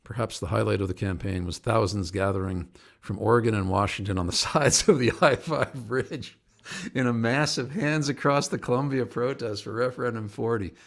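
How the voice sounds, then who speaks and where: Chuckling as he wanders through stories, a middle-aged singer and activist welcomes viewers by name during his live online broadcast. It's relaxed live-stream storytelling, delivered at a moderate pace in a voice on the low side with vocal fry.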